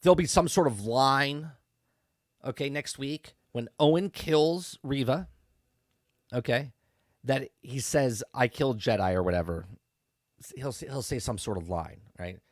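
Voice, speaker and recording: A man's voice: medium pitch, a little slow, pauses often, dry recording, studio quality. Rambling, emphatic male podcast host. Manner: rambling and emphatic, keeps asking "okay?" and "right?"; incredulous, mocking tone. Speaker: podcast host reviewing a TV episode. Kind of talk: casual spoken review.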